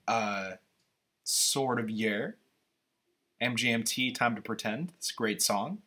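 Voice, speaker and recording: Bright-voiced man reacting to a trailer. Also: mid-range voice. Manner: rambling, halting, opinionated. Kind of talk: casual reaction commentary.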